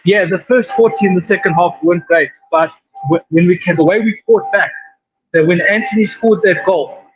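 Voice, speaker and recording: A man's voice: high-pitched, normal speed, slight background noise. South African man on a muffled call. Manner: emphatic, says "straight up". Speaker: caller. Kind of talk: casual call-in chat.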